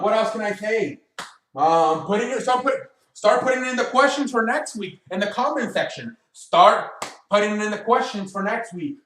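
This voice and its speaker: A man's voice: high-pitched, a bit bright, recorded from a distance. A man hosting a casual sports show, rambling with lots of fillers and frequent swearing. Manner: rambling, profane, with many fillers. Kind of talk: casual solo show wrap-up. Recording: roomy, away from mic.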